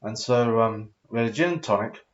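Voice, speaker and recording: A man's voice: mid-range voice, brisk, highs cut off. A tipsy man in his thirties telling a rambling, sweary story full of fillers and hesitations. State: tipsy after drinking. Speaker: vlogger.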